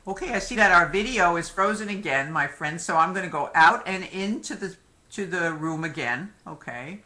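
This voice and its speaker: Bright-voiced male lecturer saying "okay" a lot. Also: high voice, animated, moderate pace. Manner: frequent "okay" and "my friends" asides; joking, conversational teaching. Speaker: medical exam lecturer. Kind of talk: live online lecture.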